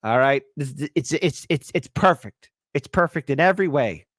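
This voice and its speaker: A man hosting a livestream commentary show, talking in a lively, swooping voice that keeps jumping up and down. His delivery is animated and punctuated by exclamations. The sound is dry and close, with no room around it. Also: fairly high pitch, moderate pace, dry recording.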